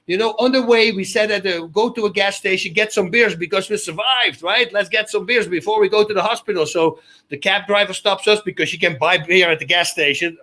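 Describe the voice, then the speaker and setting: A man, an interview guest telling wild anecdotes in an excitable way and laughing often. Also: high voice. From Netherlands. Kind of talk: animated storytelling in a casual interview.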